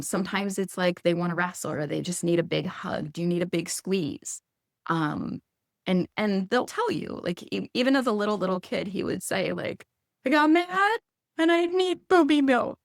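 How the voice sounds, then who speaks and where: A woman in her thirties speaking casually as a guest, chatty and animated, acting out quoted lines in a higher voice. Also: gravelly, no room sound, clean studio sound. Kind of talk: casual conversational advice.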